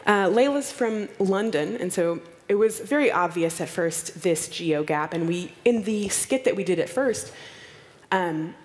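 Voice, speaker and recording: A woman from Oklahoma with an American accent gives a conference talk, telling stories in an animated way and acting out the people she quotes in playful voices. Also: lowish voice, measured pace. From Oklahoma, United States. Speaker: conference speaker. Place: conference hall. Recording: long hall reverb.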